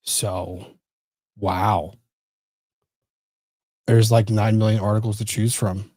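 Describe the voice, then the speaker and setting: A man's voice: fairly low pitch, fairly even intonation, slow pace, mellow, dry recording, studio quality. Rambling man hosting a livestream. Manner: rambling, easily distracted, self-interrupting. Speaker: livestream host. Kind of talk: casual legal commentary livestream.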